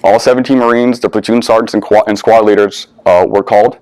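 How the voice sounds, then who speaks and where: A man's voice: lowish voice, fairly even intonation, brisk, darkish tone. A young adult man, a veteran, telling a personal story to an audience in an earnest, candid way with casual swearing. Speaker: veteran speaker.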